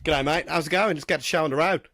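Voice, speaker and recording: A man's voice: a little high, quick pace, fairly bright tone, dry recording, studio quality, pitched above the performer's own voice. A man doing a clumsy, hammy impression of a brash Australian man, pretending to have a cold. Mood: blustery. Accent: put-on Australian. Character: brash Australian bloke, fake sniffly.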